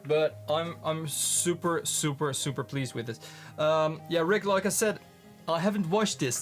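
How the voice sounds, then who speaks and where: A man casually commenting in his studio as he looks at his handmade pigments, halting and restarting often. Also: fairly high pitch, vocal fry. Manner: rambling, halting, many restarts. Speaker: pigment maker filming his studio work. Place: home studio.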